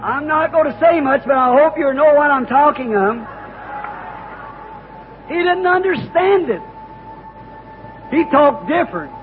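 A man preaching a sermon as a folksy story, in homespun country grammar, growing fervent and shouting at its peaks. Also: very high voice, a little hiss or hum. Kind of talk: folksy storytelling sermon leading into an altar call. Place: church service. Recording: dull lo-fi tape with music behind. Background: music.

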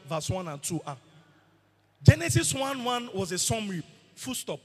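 A man's voice: high voice, animated, normal speed, breathy edge, soft background music. A man preaching a sermon as pastor, emphatic and asking the congregation questions. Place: church hall. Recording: long hall reverb.

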